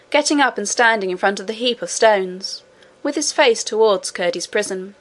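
Woman reading a kids' fairy tale aloud, mid-pitched, clear and steady, plain storybook narration. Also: measured pace. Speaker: audiobook reader.

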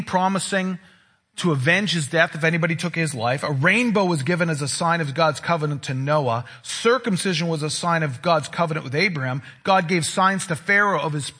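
Male pastor, sermon, emphatic teaching, husky slightly high voice. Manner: expressive, emphatic Bible teaching with dramatic pauses.

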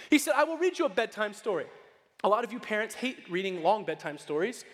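A man preaching a sermon as pastor, animated and playful, acting out quoted voices as he goes. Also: sits high, quick pace. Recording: long hall reverb.

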